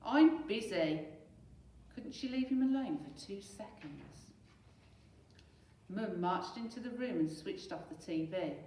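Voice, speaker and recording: A teacher reading a children's storybook aloud in a lively, expressive way. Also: female voice, medium pitch, measured pace, far from the mic, a little hiss or hum. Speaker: primary school teacher. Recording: echoey room, away from mic.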